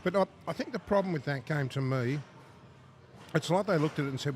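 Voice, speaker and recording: A man, hoarse from losing his voice, commentating a pinball competition and often asking tag questions. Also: fairly high pitch, fairly quick. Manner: conversational, asks tag questions. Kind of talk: casual live commentary. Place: pinball club. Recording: clear background noise.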